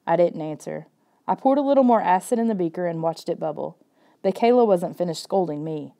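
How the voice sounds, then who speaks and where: A woman narrating a children's story in the first person, in a steady, plain storytelling way. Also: on the low side, brisk, vocal fry. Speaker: audiobook reader.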